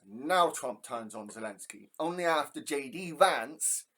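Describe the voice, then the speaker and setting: Man, angry reaction rant, very animated pitch, profane, words tumbling out. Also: a little slow. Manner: furious, profane ranting, pitch jumping sharply. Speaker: reaction video host.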